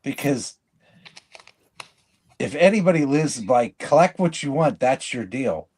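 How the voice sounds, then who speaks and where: A man's voice: mid-range voice, big pitch swings, unhurried, darkish tone, slightly rough. A man co-hosting a podcast in casual chat, rambling and blunt, often breaking off and restarting his sentences. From living in Michigan. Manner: rambling, blunt, self-interrupting. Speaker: podcast co-host.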